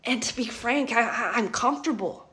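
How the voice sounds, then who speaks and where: A woman's voice: fairly high pitch, normal speed, pushed and bright. A woman voicing her tearful, heartbroken friend in her twenties, who stammers and trails off with a pleading "okay?". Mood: resigned. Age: 20s.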